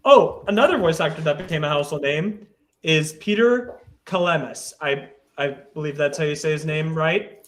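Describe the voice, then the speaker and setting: A man's voice: on the high side, lively intonation, normal speed, a little hiss or hum. A man chatting casually as a guest on a podcast, rambling and searching aloud for names. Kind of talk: casual chat.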